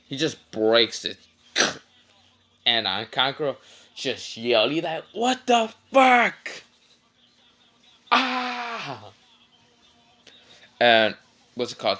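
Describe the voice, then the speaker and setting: Brief: casual, rambling male storyteller, foul-mouthed and tired; bright, animated delivery. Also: medium pitch. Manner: rambling, swearing, many fillers. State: tired after little sleep. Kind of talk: casual fan-fiction storytelling.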